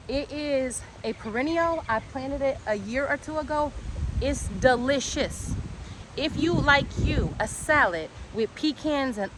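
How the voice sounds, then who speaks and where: A bubbly woman with a fairly high voice chats her way around her backyard garden. Her talk jumps from point to point with lively energy. Clear outdoor noise, birdsong and passing traffic sit behind her voice. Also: measured pace. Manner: excitable, chatty, easily distracted. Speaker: home gardener and channel host. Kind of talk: casual walk-and-talk garden tour.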